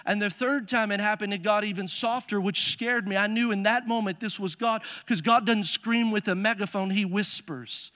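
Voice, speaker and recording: A male pastor delivers an animated sermon in a church, his voice strikingly high and bright. His emphasis keeps rising as he presses his points. The sound carries a long echo from the church hall. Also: normal speed, hardly any pauses. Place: church sanctuary.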